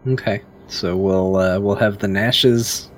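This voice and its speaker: A man's voice: on the low side, fairly even intonation, slow pace, slight background noise. Man asking questions as a player. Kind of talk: casual tabletop play.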